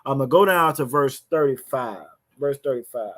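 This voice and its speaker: A man teaches a brotherhood Bible class in a preaching style, his animated, slightly bright voice sitting at an ordinary middle pitch. He reads the verses slowly, often repeating words as he finds his place.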